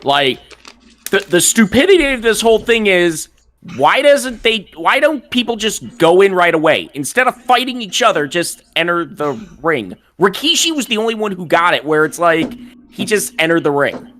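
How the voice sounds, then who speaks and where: A man's voice: high voice, big pitch swings, normal speed, fairly bright tone. A man co-hosting a podcast in casual chat, talking in a dry, blunt, matter-of-fact way. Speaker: podcast co-host.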